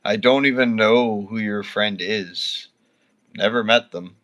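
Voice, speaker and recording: Male streamer, bright voice, swearing rant at chat. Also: on the low side, slow pace. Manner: swearing, ranting at a viewer; mumbling and reluctant at first. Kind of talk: live stream chat with viewers.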